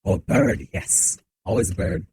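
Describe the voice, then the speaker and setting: A man's voice: deep voice, mellow, slight background noise. A man voicing a nervous old male peddler who is smuggling goods, pleading as he reads game dialogue aloud. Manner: pleading, fast-talking.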